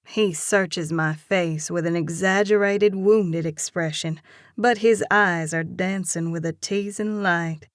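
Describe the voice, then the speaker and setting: A woman narrating a first-person romance audiobook with an expressive, lively character reading. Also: fairly low pitch, slow, dry recording, studio quality.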